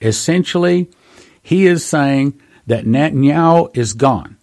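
A man's voice: a little high, expressive, measured pace, a little mellow. Man, prophecy talk host, earnest preaching monologue, reads dates and quotes. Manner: earnest, addresses listeners as brothers and sisters.

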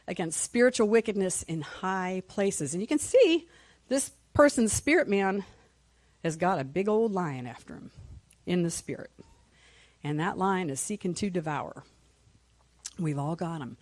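A woman's voice: mid-range voice, darkish tone, dry recording. A woman teaching a Sunday school class in a conversational way, asking the class questions and often adding "right?". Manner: clears throat often.

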